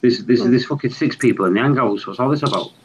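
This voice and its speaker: A man's voice: mid-range voice, fast, slightly rough. A man bantering and teasing his friends on a live stream call, laughing often. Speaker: stream guest. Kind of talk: casual chat. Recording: dull lo-fi call audio.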